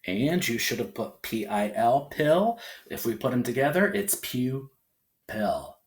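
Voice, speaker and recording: A man's voice: mid-range voice, expressive, normal speed. A man teaching a phonics lesson to young learners, sounding out letters one by one and checking in with a rising "okay?".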